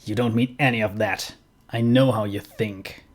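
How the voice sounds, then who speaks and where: Man playing a cold, menacing middle-aged scientist father, slightly low. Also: fairly even intonation, moderate pace, close to an everyday voice. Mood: cold, contemptuous. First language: German.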